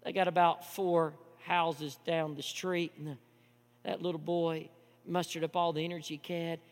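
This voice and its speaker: A man preaching a sermon, moving between hushed storytelling and loud, impassioned preaching. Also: on the high side, level tone, moderate pace. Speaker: pastor. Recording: long hall reverb with mains hum.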